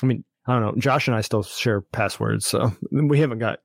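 A man's voice: medium pitch, brisk, gravelly, dry recording, clean studio sound. A man co-hosting a podcast, chatting casually and hedging as he talks things through. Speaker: podcast co-host. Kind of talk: casual chat.

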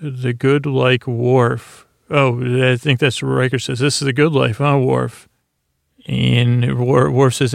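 A man hosting a podcast, softly recapping a TV episode at bedtime in a meandering way that is full of restarts. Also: level tone, takes it slowly, gravelly, dry recording, studio quality. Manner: soft, low-key delivery. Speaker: podcast host.

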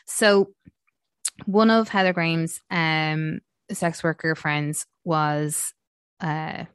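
A woman's voice: deep voice, smooth, no room sound, studio quality. A woman co-hosting a casual film review chat, rambling with lots of fillers. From Ireland. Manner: chatty, rambling with many fillers.

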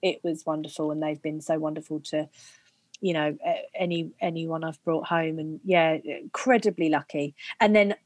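A woman from England, an actress and comedian telling her story as a podcast guest, halting and repeating herself. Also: deep voice, fairly even intonation, no echo. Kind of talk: casual interview chat.

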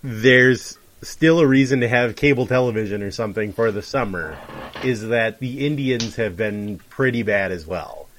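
A man's voice: mid-range voice, normal speed, a little hiss or hum. A man co-hosting a casual sports podcast, talking in a wry, rambling, joking way. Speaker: podcast co-host.

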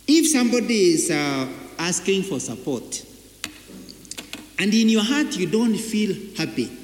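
High-voiced preacher in an echoing hall. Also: male voice, darkish tone. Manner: emphatic, rhetorical questions, repeats key phrases. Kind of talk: sermon. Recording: echoey hall reverb.

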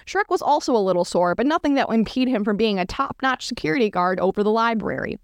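A woman's voice: fairly high pitch, expressive, quick pace, clear, resonant tone, no echo, studio quality. A woman podcast host reading fan fiction aloud for comedy, breaking off for self-aware asides.

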